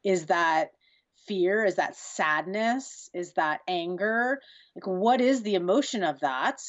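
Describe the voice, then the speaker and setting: A woman in her forties, a sex educator answering interview questions in an animated, breathy way and laughing easily. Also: lowish voice, takes it slowly, dull audio. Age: 40s.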